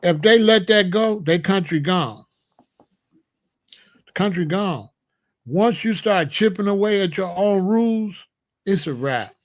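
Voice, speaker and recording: Casting: male commentary host, high voice, heated repetitive rant style. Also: measured pace, long pauses. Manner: emphatic, repetitive, incredulous rhetorical questions. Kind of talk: solo political commentary rant.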